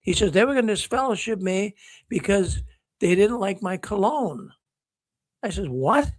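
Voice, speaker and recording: A man's voice: high voice, lively intonation, normal speed, no echo. A man hosting a live call-in show, talking casually and rambling through stories with many restarts. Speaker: host of a call-in livestream show.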